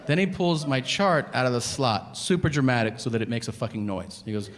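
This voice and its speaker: A man in his thirties doing a stand-up comedy routine, telling stories and acting out both sides of each conversation in an animated way. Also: medium pitch, brisk, a crowd in the background. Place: comedy club stage. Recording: live club set with hall reverb and audience noise. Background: audience laughter.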